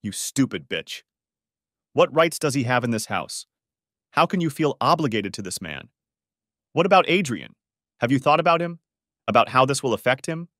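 A man reading an audiobook, voicing an older mother who scolds sharply and loudly. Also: mid-range voice, sing-song, normal speed, no echo, studio quality. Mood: angry. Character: older mother, fierce and protective.

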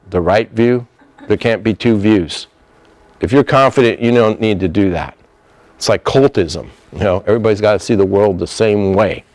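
A man's voice: mid-range voice, no room sound. A middle-aged man, a therapist, giving an informal talk on communication and acting out bits of dialogue with laughs. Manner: conversational, acts out dialogue with laughs.

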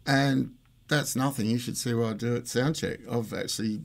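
A male co-host with a mid-range, steady voice that's a bit barky and has vocal fry speaks at a moderate pace. He's in a casual chat about guitars, laughing, rambling, and poking fun at himself as he explains things, with guitar playing in the background.

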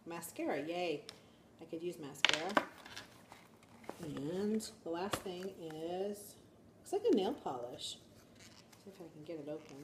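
A woman's voice: fairly low pitch, noisy background. A woman teacher in casual vlog chat, telling stories with giggles, filmed on a handheld camera in a classroom. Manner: chatty, giggly storytelling. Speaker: first grade teacher.

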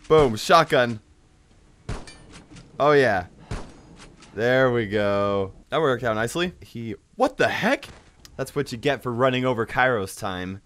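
A young man with a cold giving excitable let's-play commentary, yelping and laughing at the scares. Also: medium pitch, measured pace, pauses often. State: has a cold. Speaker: gaming YouTuber.

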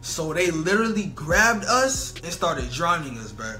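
A man's voice: on the high side, sing-song, a little slow, sharp tone, soft background music. A young man telling a funny storytime vlog in slangy casual talk, full of "bro" and "you know what I'm saying". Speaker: storytelling vlogger.

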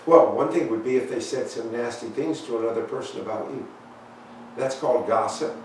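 A man giving a children's talk in church, folksy and halting, reading a storybook. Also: medium pitch, a little mellow, slight background noise. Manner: folksy, halting, many fillers. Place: church sanctuary. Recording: echoey church from far off.

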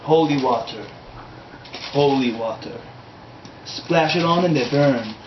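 In an amateur comedy sketch, a man playing a comic character host rambles and improvises in a vague put-on foreign accent. His voice is medium in pitch and unhurried, captured on roomy, dull lo-fi home video with a little hiss or hum.

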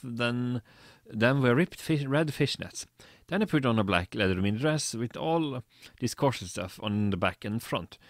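A man doing a comedic reading of fan fiction, deadpan and dry with sarcastic asides. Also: mid-range voice, no echo. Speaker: reader.

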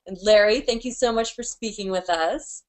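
A woman's voice: mid-range voice, moderate pace. Woman, interview host, upbeat, promotional sign-off. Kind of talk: interview hosting.

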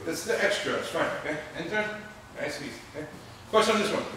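A man teaching grappling moves on the mats, explaining and telling animated stories with loud excited bursts. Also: on the high side, quick pace, a little hiss or hum. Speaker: grappling instructor. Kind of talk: mat instruction with demonstration. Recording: echoey gym recorded from a distance.

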